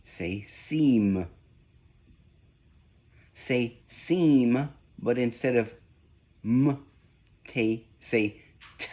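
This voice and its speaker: A man slowly giving spoken sound-swap drills, one deliberate prompt at a time. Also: mid-range voice, warm tone. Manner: slow, deliberate, evenly paced prompts. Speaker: reading test examiner. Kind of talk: slow scripted phoneme drill.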